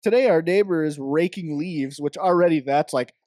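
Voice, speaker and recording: A laid-back man co-hosting a casual movie commentary podcast, who tells stories with animated bursts. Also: a little high, normal speed, no room sound, clean studio sound. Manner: laid-back, says "dude" a lot, animated when telling stories. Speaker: podcast co-host. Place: home office.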